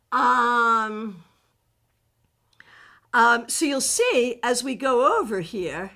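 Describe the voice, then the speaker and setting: A woman teaches tarot in a live online workshop, reading out viewer comments as she goes. Her voice sits high and bright and swings widely in pitch. She talks in an animated way, laughs easily and trails off into frequent ums and restarts. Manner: animated, laughs often, many fillers and restarts.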